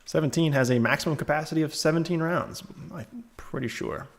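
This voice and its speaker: A man's voice: a little high, brisk. A man streaming a game, chatting casually and rambling through asides and self-corrections into a desk microphone. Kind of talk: casual live-stream chat. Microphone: desk microphone on a shock mount.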